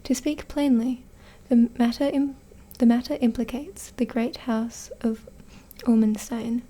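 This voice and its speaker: A woman with an Australian accent voicing a stern foreign male nobleman in soft whispered role-play, read evenly and without a put-on accent. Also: on the high side, flat delivery, measured pace. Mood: grave.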